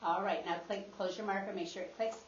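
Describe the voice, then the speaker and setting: A woman teacher leading a guided reading lesson with young children, encouraging and patient, modeling expressive reading aloud. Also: medium pitch, fast, heavy background noise. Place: classroom. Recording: echoey, dull classroom recording.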